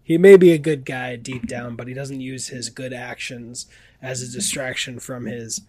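A man casually breaking down a film scene with a co-host, animated and jokey, swearing and slipping into loud silly voices. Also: medium pitch, normal speed.

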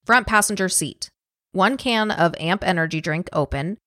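A woman's voice: on the low side, normal speed, a bit bright, dry recording. Woman, podcast host, chatty, profane, casual storyteller, dry recording. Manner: profane, chatty, laughs easily. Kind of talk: casual true-crime storytelling.

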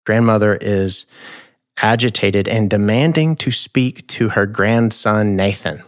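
A man in his thirties, a podcast host, telling a personal story in a measured, reflective, tender way. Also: fairly low pitch. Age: 30s.

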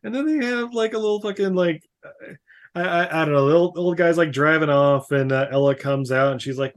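A man co-hosting a casual podcast, recapping a movie in an animated way, swearing and slipping into silly voices. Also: a little high, brisk. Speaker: podcast co-host.

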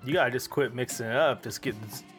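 A man's voice: medium pitch, fast, over music. Teasing wisecracking male co-host. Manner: wisecracking, teasing, animated bursts. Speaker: podcast co-host. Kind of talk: casual podcast chat. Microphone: desk mic over voice chat.

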